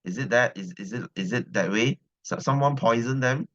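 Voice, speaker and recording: A man's voice: mid-range voice, moderate pace, fairly bright tone. Malaysian man, science teacher, loose chatty class banter, keeps repeating lines, dull lo-fi recording. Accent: Malaysian English. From Selangor, Malaysia. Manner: chatty, repeats phrases, keeps asking "right?". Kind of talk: casual class talk with students.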